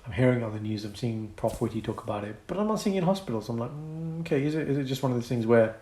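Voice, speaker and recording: A young British man co-hosting a casual podcast, a doctor who talks with lively energy, laughs often and acts out quotes. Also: medium pitch, very fast. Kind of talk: casual chat. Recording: echoey room.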